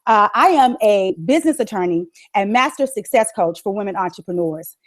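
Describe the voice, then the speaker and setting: A woman's voice: medium pitch, lively intonation, fairly quick. A woman from Virginia giving a rousing motivational talk as the guest speaker on a webinar, full of rhetorical questions. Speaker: guest speaker and business coach. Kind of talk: motivational speech.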